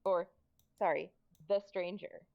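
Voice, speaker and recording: A woman's voice: fairly low pitch, steady tone, slow, vocal fry. A woman playing a tabletop game, chatting animatedly about her character's moves. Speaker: player. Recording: dull lo-fi mic.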